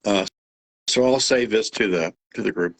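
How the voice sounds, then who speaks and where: Laid-back Texan host, slightly nasal, lower voice, loose live-stream talk. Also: male voice, normal speed, vocal fry, rough recording. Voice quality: a little nasal. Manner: relaxed, rambling, with fillers and restarts. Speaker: host of a live radio-monitoring Q&A. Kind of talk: casual live chat.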